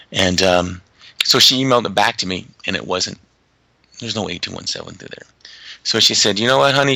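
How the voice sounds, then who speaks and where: A middle-aged man, a teacher, telling personal stories in an interview in an earnest, halting way with many restarts. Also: low-pitched, gravelly, bright, forceful tone, no echo. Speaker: teacher and father of a missing boy, interviewee. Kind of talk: emotional storytelling interview.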